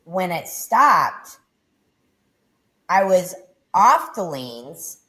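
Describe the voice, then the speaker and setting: A woman's voice: sing-song, a bit bright. A middle-aged woman, a podcast guest, telling her personal story with intensity and frequent swearing. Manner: intense, swearing, low and deliberate.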